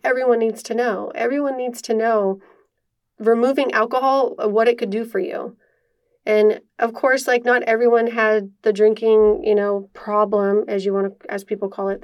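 A woman's voice: a little high, fairly even intonation, normal speed, darkish tone. A young woman hosting her own podcast, speaking earnestly and emotionally, full of casual fillers, on a podcast microphone. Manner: heartfelt and earnest, many fillers. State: emotional, near tears. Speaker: podcast host. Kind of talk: personal podcast monologue.

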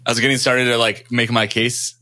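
A man's voice: medium pitch, flat delivery, a little fast, bright, forceful tone, no echo. A man co-hosting a podcast, chatting easily about a film, laughing often and agreeing with his co-host. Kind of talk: casual movie discussion chat.

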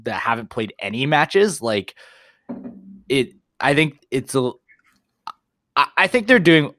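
A man's voice: mid-range voice, big pitch swings, slow pace, a bit bright, no room sound, clean studio sound. A man co-hosting an esports talk show, chatting casually and often rephrasing and stumbling over his words. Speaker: esports podcast co-host. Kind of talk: casual chat.

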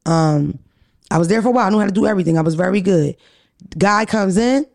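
A woman's voice: medium pitch, fast talker, vocal fry, darkish tone. A woman hosting a podcast, telling stories in a blunt, profane, casual way. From United States. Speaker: podcast host.

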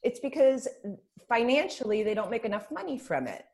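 A woman guest on a casual podcast chat who explains things in an emphatic, animated way. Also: fairly high pitch, fast talker. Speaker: guest, spa business founder.

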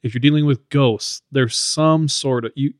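A man co-hosting a podcast, thinking aloud in a casual, emphatic way with quick restarts. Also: mid-range voice, no echo, studio quality. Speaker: podcast co-host. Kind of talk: casual chat.

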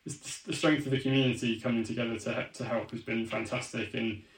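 A male podcast host with a level, even voice, speaking in a roomy, echoing space. He chats easily and thanks his guest. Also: medium pitch, fast, gravelly. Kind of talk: casual interview chat.

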